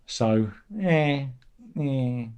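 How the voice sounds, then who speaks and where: A middle-aged man hosts a casual livestream chat, sounding sardonic and grumbling while mocking commenters in a high, whiny voice. His delivery is animated yet very slow, clear and resonant. The sound is lo-fi.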